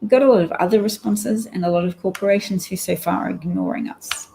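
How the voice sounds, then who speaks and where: Wry, gravelly woman commentator. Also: mid-range voice, quick pace, warm tone, a little hiss or hum, rough recording. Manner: wry, rambling, reads out quotes. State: sleepy, yawning. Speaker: political commentator. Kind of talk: casual solo commentary.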